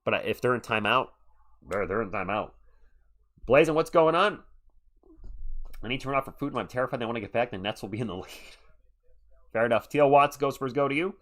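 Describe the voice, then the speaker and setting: A man's voice: medium pitch, expressive, a bit bright. Male live-stream commentator, mid-range voice, casual play-by-play with chat banter. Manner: chatty, answers the chat between rapid play calls.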